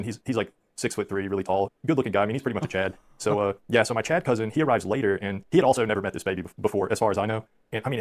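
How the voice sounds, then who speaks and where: Man in his thirties, rapid rambling anecdotes, low voice, self-deprecating. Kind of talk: storytelling on a stream.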